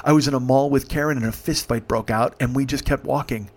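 A man's voice: medium pitch, fairly even intonation, fairly quick. Middle-aged male host, emphatic profane storyteller, mid-range voice. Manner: emphatic, heavy swearing, vivid retelling.

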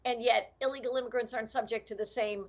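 Female guest, earnest, slightly high voice, dull remote audio. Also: steady tone, quick pace. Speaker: show guest. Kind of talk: remote interview answers.

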